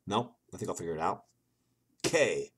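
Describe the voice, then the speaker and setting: A gaming video host with a low, expressive voice reads an old computer game's text aloud at a moderate pace. He reacts with sarcastic, swearing asides and laughs at the game, with background noise behind him.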